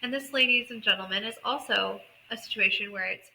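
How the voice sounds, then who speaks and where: A woman's voice: medium pitch, a little fast, vocal fry, pushed and bright, slight background noise, low-quality recording. A woman co-hosting a casual book podcast, animatedly retelling a story and acting out the characters. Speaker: podcast co-host.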